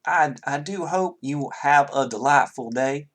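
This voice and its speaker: A man's voice: on the high side, unhurried, pitched above the performer's own voice, close to an everyday voice. A man from the Southern US voicing a polite, fussy Southern town official in a tabletop game, with a put-on Southern drawl. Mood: courteous drawl.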